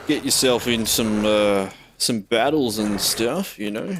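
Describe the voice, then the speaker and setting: A man's voice: on the low side, moderate pace, few pauses, noisy background. A man with an Australian accent chatting casually with his live-stream audience, bantering, musing aloud and chuckling often. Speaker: game streamer.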